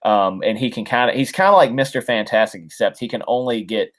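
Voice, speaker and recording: Speaking briskly in a mid-range voice, this male podcast co-host recaps a comics story during casual chat. He rambles a lot, with frequent ums, fillers, and restarts.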